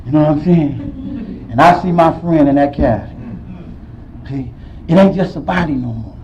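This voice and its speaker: A man sharing his personal story at a recovery meeting, telling it with emotion, swinging from loud outbursts to quiet low stretches. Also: moderate pace, lo-fi sound, slight background noise. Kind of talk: personal testimony.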